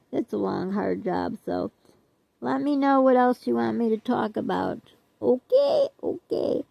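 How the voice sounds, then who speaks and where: A woman's voice: on the high side, gravelly, warm tone, no echo, rough recording. An older woman vlogger chatting casually to her viewers, rambling and self-deprecating, often trailing off with "I don't know.".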